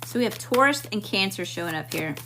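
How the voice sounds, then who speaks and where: A woman's voice: medium pitch, lively intonation, quick pace, heavy background noise. A woman giving a live-stream tarot reading, chatting casually and greeting viewers in the chat as she draws cards. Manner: talks to spirit while drawing cards. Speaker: tarot card reader.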